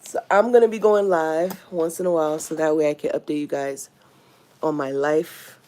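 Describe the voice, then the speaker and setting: A woman's voice: sits low, steady tone, moderate pace, mellow. A young woman from Nigeria with a Nigerian accent, chatting casually on a home livestream and greeting viewers by name. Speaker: livestream host.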